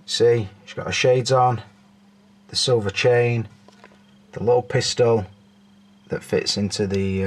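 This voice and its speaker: A man giving a casual, chatty walkthrough of a collectible figure, with frequent "uh" fillers. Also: fairly low pitch. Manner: chatty, informal, hesitant with fillers. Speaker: toy reviewer.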